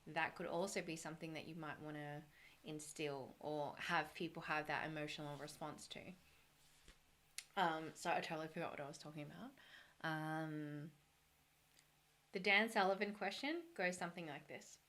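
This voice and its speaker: A woman talking as a brand coach, earnest and encouraging, thinking aloud with a slightly hoarse voice. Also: sits low, steady tone, normal speed, a bit bright. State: a little hoarse. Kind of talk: solo talk on branding.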